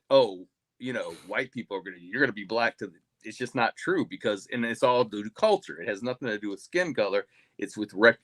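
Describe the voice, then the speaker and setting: A man's voice: fairly low pitch, a bit bright, no echo. A man on a casual discussion panel, hesitant at first and full of restarts, then making his argument firmly. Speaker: panel guest.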